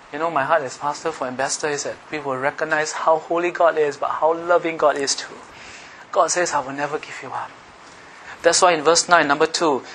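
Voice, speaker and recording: A middle-aged male pastor delivers a lively sermon in a bright, forceful voice that sits a little high. He swings between emphatic, almost shouted passages and quiet, confiding asides to his listeners. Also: slight background noise.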